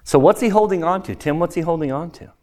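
A man's voice: fairly high pitch, fast. A man leading a class discussion of a book, reading aloud and asking the group questions. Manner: questioning, animated.

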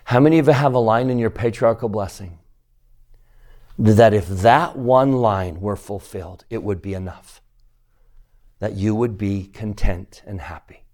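A man's voice: fairly low pitch, measured pace, a little mellow. A man teaching a scripture class, earnest and pleading, often asking the students questions. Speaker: religion teacher.

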